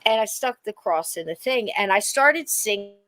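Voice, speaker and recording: A middle-aged woman co-hosting a podcast, telling a personal story in casual chat and acting out the quoted lines in a high, excited voice. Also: moderate pace, no room sound. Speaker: podcast co-host.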